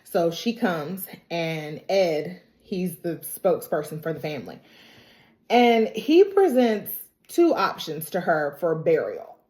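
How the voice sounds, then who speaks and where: A woman with a lowish voice tells a TV story in a casual, emotional vlog style, with dramatic asides. She sounds a bit stuffy from crying. The room gives her voice a clear echo. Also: very animated, slow, a little mellow. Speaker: TV recap reviewer.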